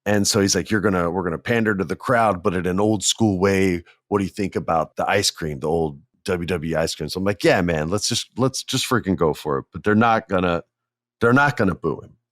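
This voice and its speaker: A man hosting a podcast, telling a story in a casual, animated, jokey way and acting out the people he quotes. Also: deep voice, a little fast, dry recording, studio quality. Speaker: podcast host. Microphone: podcast mic, on video.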